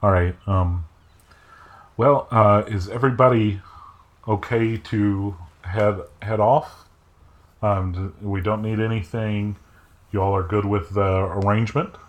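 A man running a tabletop game as game master, talking in a relaxed way with many fillers. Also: on the low side, unhurried.

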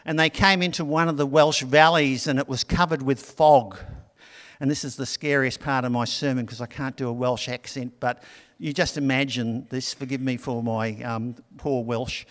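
A man's voice: mid-range voice, steady tone, normal speed, a bit bright, long reverb tail. A middle-aged man preaching a sermon in a conversational, storytelling way. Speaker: pastor.

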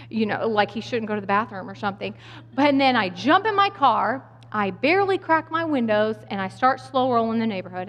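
A woman in her thirties or forties gives a lively, humorous sermon and acts out the voices of the people in her story. Her voice sits a little high. Long reverb from a large church hall trails behind her words. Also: normal speed. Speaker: speaker giving a sermon.

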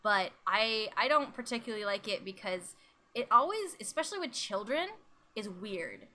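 A woman from the northern US chatting casually, animated, laughing often and acting out quotes. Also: medium pitch, moderate pace, slight background noise. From Pittsburgh area, US North. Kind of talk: casual chat.

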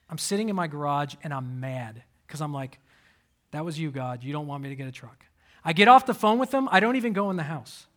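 A man in his thirties preaching a sermon, telling personal stories with animated swings and sudden soft asides. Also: on the high side. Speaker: pastor.

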